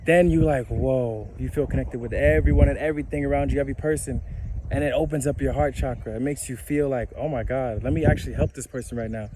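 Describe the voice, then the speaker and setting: Man musing slowly over outdoor noise. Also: medium pitch, steady tone. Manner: slow, emphatic, repeats phrases, laughs at himself. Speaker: spiritual vlogger. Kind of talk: casual spiritual monologue.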